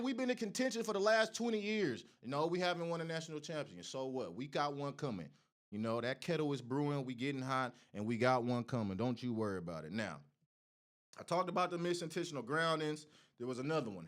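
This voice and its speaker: A man hosting a sports show launches into a heated, profane college football rant, trash-talking rival fans as an Oregon supporter taunting them. His voice sits high and sounds a bit bright.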